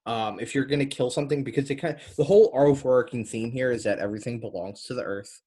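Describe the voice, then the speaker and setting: A man's voice: mid-range voice, quick pace, mellow, slightly rough. Casual, hesitant man podcast co-host. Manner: loose, hesitant, many "um" and "like" fillers.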